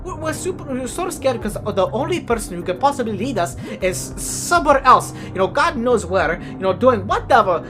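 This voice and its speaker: A woman plays an exasperated churchgoing sister, ranting at her brother and tripping over her words as she piles up complaints. Her voice sits fairly high and swings widely in pitch. Music plays clearly in the background. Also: sing-song, fairly quick, few pauses. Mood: scolding. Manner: stammering, repetitive, ranting. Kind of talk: comedic skit acting.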